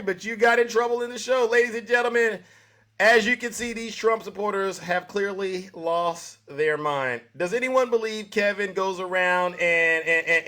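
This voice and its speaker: Male live-stream host, a little high-pitched, preachy and repetitive. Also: sharp tone. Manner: preachy, repetitive, addresses audience directly. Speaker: livestream host. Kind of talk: live-stream political commentary.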